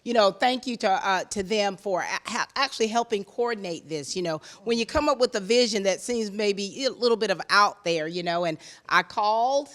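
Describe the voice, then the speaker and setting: A woman's voice: medium pitch, normal speed, few pauses, fairly bright tone. A woman hosting a TV tribute segment, prompting guests with short encouraging remarks. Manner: encouraging, brief affirmations. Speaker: TV host. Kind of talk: on-location interview.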